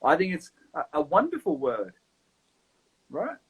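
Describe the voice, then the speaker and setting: A blunt Australian man with a fairly high voice talks in a loose round table chat. He swears freely and keeps the delivery animated. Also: a little slow, slightly rough, low-quality recording. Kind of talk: casual chat.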